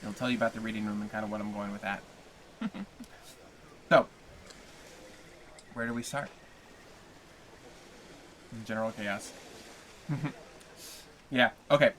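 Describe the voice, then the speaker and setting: A man's voice: medium pitch, sharp tone, slight background noise. A man hosting a livestream, chatting casually and playfully with his viewers before a reading. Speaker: livestream host and reader.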